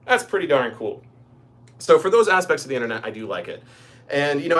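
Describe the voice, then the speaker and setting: A man's voice: medium pitch, fairly bright tone. A man from Kentucky hosting a casual livestream, rambling with many ums and restarts. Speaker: livestream host.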